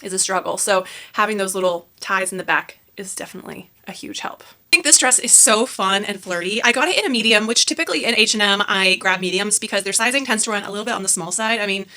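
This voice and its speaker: A woman in her thirties with a light lilt chats casually through a fashion try-on haul. Her voice is bright and forward, and she gushes over every piece with chatty, filler-rich enthusiasm. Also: medium pitch. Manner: chatty, gushing, many filler likes. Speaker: fashion YouTuber.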